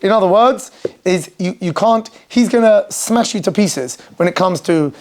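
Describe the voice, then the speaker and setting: Animated rabbi teaching a class. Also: male voice, sits high, moderate pace. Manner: animated, acts out quoted voices and asks rhetorical questions. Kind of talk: informal Torah class.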